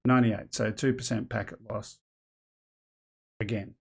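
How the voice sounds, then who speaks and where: A man's voice: lowish voice, steady tone, unhurried, vocal fry, a little mellow, breathy edge. A man hosting a casual live stream, thinking aloud and rambling as he chats with viewers. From Australia.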